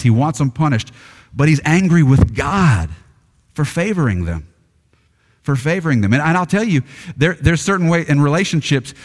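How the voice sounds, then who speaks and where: A man's voice: medium pitch, darkish tone. A male pastor preaching an emphatic, repetitive sermon with frequent restarts. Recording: long church reverb, level drops far from mic.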